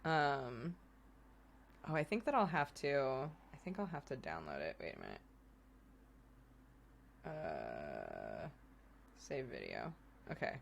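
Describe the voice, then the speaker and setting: A woman hosting her stream, chatting casually about her day. Her pitch swings widely and animatedly as she tells stories. She laughs often and swears offhandedly. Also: sing-song, slow, creaky, pauses often, slight background noise. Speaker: streamer host. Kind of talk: casual chat.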